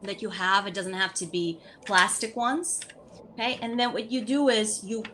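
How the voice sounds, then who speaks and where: A woman's voice: medium pitch, steady tone, moderate pace, a bit bright, slight background noise. Patient woman coaching parents, saying "okay?". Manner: patient, repeats key points, frequent "okay?" check-ins. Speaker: speech therapist guest. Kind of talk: instructional talk to parents.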